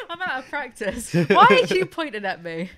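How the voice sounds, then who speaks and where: A woman's voice: sits high, wildly swooping pitch, unhurried, a loud crowd. A woman hosting a podcast in casual banter, brash and jokey, swearing freely. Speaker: podcast host.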